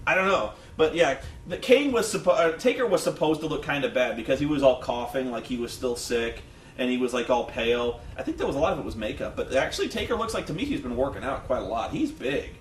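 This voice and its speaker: A man's voice: medium pitch, sing-song, quick pace. A man co-hosting a review show in casual chat, rambling and swearing a lot. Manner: rambling and profane, lots of fillers. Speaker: co-host of a wrestling review show. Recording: echoey room, distant mic, faint hum.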